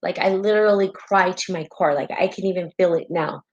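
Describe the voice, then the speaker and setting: A woman's voice: fairly low pitch, fairly quick, muffled recording. A woman hosting a spiritual live stream in casual talk, heartfelt and rambling, often tagging her sentences with "right?", and tearful at times.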